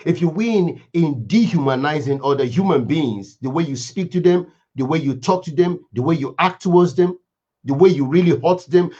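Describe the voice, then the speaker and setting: A man's voice: a little high, darkish tone. Emphatic man with a preaching cadence. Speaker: speaker giving a moral reflection. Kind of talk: impassioned moral talk. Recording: dull lo-fi recording.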